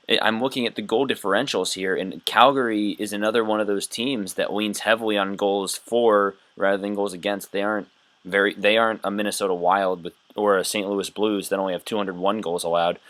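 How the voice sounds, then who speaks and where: A man's voice: fairly low pitch, a bit bright, no room sound. A man hosting a casual sports podcast, running through stats and game previews in a broadcaster's manner. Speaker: podcast host.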